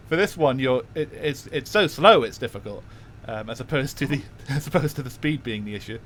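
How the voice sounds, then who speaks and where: A man streaming a racing game, chatting in a soft, laid-back way and chuckling often. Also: mid-range voice, lively intonation, normal speed, a little hiss or hum. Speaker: VTuber streamer. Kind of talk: casual stream chat.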